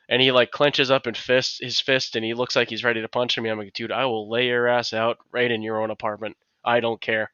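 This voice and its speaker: A man's voice: mid-range voice, level tone, brisk, few pauses, sharp tone, smooth, no room sound, highs cut off. A man co-hosting a podcast, telling a long anecdote in casual chat, rambling with many restarts and acted-out quotes. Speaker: podcast co-host.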